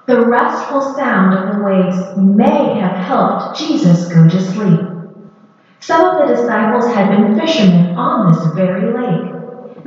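A woman narrating a children's Bible story in a gentle, expressive read-aloud way. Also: medium pitch. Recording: echoey hall, dull lo-fi.

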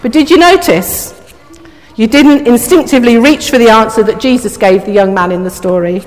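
A woman's voice: fairly high pitch, normal speed, a little mellow. A woman giving an informal, chatty sermon, putting questions to the congregation and laughing now and then. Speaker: preacher. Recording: echoey hall.

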